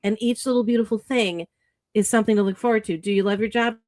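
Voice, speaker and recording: A woman co-hosting a casual stream, giving an animated spiritual pep talk that is full of swearing. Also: mid-range voice, fast, no room sound, studio quality. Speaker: co-host, author. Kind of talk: casual motivational chat.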